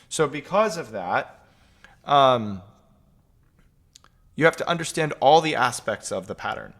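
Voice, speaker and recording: A man's voice: mid-range voice, lively intonation, a little slow, long pauses. A man teaching piano in a casual question-and-answer lesson, counting patterns aloud while he demonstrates at the keyboard. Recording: loud piano playing behind voice. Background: piano playing.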